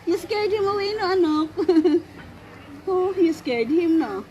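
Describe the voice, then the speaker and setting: Her voice very high, animated and unhurried, a Filipino-accented mother coaxes her small child in a sing-song, casual chat while filming. They're at a busy outdoor zoo, and crowd noise fills the recording.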